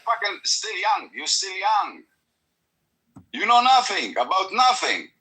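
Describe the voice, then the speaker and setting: A man in a heated debate, speaking halting, broken English and arguing in a pleading way. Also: high voice, big pitch swings, pushed and bright, low-quality recording. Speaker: debate participant.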